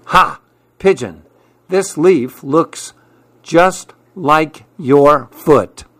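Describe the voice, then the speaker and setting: A man doing a high, curious little mouse. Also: drawn-out words, fairly bright tone, dry recording, studio quality. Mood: curious, eager. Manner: wondering and easygoing. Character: gentle, curious, dreamy male mouse. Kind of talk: storybook character reading.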